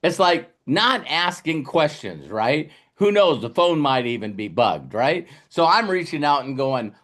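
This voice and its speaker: Animated man telling a motivational story. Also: a little high, a little slow, few pauses. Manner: animated storytelling, acting out quotes; repeats words and restarts often. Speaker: business coach. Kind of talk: motivational talk.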